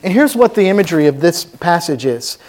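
In a church sanctuary, a pastor preaches to his congregation fervently and conversationally, slipping in asides. His voice is on the high side and a little mellow, with big pitch swings at a fairly quick pace.

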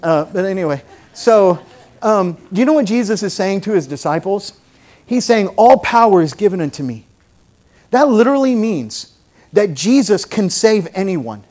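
A man's voice: sits high, animated, normal speed, darkish tone. A middle-aged man preaching a sermon, folksy and joking at times, building to fervent preaching. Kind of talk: sermon with object lesson.

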